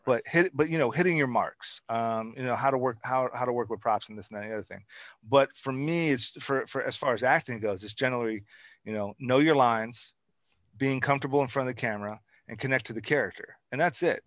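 A man's voice: medium pitch, brisk, fairly bright tone, no room sound, studio quality. A man hosting a casual conversation, talking in long, repetitive runs that pile up lists of examples. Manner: repetitive, builds points by listing items. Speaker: interview host.

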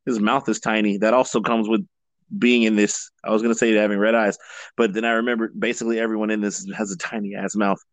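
A man's voice: on the low side, little pitch movement, quick pace, no room sound. A young man co-hosting a webtoon read-along, joking, swearing and laughing often. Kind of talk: casual chat with reading aloud.

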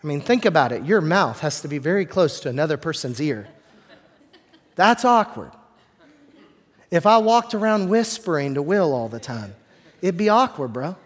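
A man preaching a sermon as pastor, talking in a relaxed, conversational way with repeated words and joking asides to the congregation, in a church. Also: fairly high pitch, moderate pace. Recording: long hall reverb.

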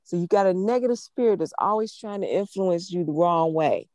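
A woman's voice: on the low side, fairly quick, a little mellow, dry recording. A woman preaching a sermon in a fervent, emphatic way, repeating phrases for stress. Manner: fervent, emphatic, with emotional laughs.

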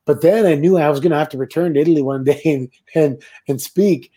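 A middle-aged Canadian man, a former wrestler, telling relaxed anecdotes with laughs as a guest. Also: fairly high pitch, fast talker, husky. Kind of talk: casual storytelling.

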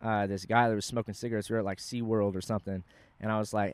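A man's voice: lowish voice, fairly even intonation, rapid-fire, darkish tone, no room sound. A man hosting a casual podcast, talking in a rambling, profane way with frequent laughs, outdoors in a park. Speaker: podcast host.

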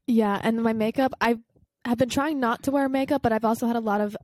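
A woman's voice: on the high side, steady tone, fairly quick, a little mellow, no echo, clean studio sound. A woman in her twenties co-hosting a podcast, chatting casually with lots of "like" fillers. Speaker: podcast co-host. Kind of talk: casual chat.

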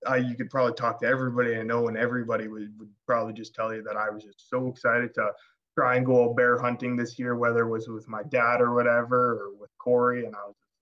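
Excitable man telling a hunting story. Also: medium pitch, fast talker. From Alberta, Canada. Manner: excitable, rambling with restarts. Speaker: podcast guest, taxidermist. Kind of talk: casual storytelling. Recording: dull lo-fi podcast audio.

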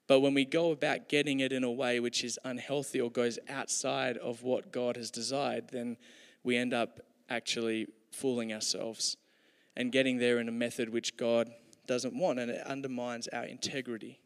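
A man delivers a sermon in a relaxed, conversational way, dropping in jokes for his listeners. His voice has a gravelly edge. It rings with the long reverb of a church hall. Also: mid-range voice, normal speed. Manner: conversational, joking asides. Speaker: preacher.

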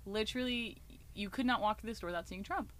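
A woman co-hosting a podcast, telling a story from her old job in a casual, animated way, with lots of "like" and laughter. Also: medium pitch, fast talker. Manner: animated, laughing, swearing, filler-heavy. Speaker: podcast co-host.

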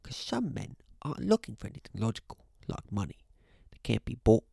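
A calm older butler speaks, low and measured as he tells a story. A man puts on the voice, gravelly at the bottom and lively in its rise and fall. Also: no echo, studio quality, heavily acted. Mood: solemn.

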